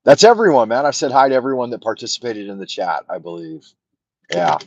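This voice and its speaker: A man's voice: mid-range voice, expressive, fairly quick, a little mellow, no echo, highs cut off. Profane, rambling man. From United States. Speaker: livestream host. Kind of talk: rambling livestream chat. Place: home in China. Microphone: camera mic on a mount.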